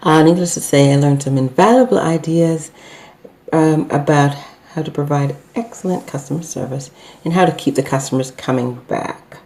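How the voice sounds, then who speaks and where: Middle-aged woman giving customer service tips, low mellow voice, lots of ums and restarts. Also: normal speed. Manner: hesitant, many fillers and self-corrections. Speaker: business owner teaching customer service. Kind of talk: unscripted instructional talk.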